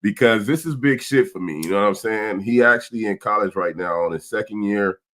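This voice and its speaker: A man's voice: lowish voice, a little fast, a bit bright. A middle-aged man, chatting casually and emotionally in a laid-back, slang-heavy way. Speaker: vlog host, father. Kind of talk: casual vlog chat.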